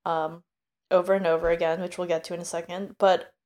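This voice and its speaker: A woman's voice: on the low side, level tone, fairly quick, a little mellow. A woman co-hosting a casual book podcast, talking in a loose, filler-heavy way. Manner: chatty, filler-heavy, laughs along. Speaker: podcast co-host.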